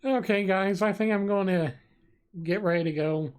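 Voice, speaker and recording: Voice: medium pitch, normal speed, a little mellow, smooth. A live streamer in casual chat who reads viewers' jokes aloud and laughs at them often, with a desk microphone. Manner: giggly, reacts with frequent laughter.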